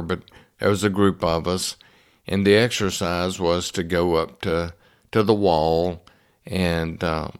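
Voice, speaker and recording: Low, gravelly man telling a story. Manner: folksy, homespun, unhurried. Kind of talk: storytelling talk.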